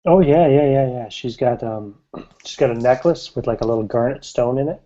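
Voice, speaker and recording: Man, game master, casual rambling narration, mid pitch, lo-fi muffled recording. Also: normal speed, dark tone. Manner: casual, rambling, laughs often.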